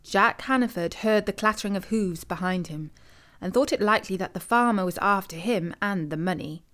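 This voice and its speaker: A woman storyteller reading a traditional tale in clear, measured scripted narration. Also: mid-range voice, fairly bright tone.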